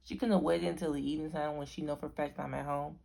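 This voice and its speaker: A woman's voice: low voice, little pitch movement, fast, vocal fry, mellow. A young woman from Arizona telling a story to camera in a rambling, chatty way that keeps correcting itself. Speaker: vlogger.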